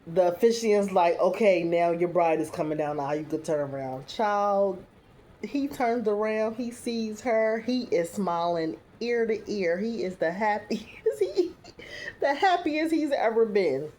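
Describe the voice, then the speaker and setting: A woman's voice: mid-range voice, expressive, measured pace, a little mellow. A young adult woman giving a casual recap review, chatty and full of fillers, with blunt, sassy asides.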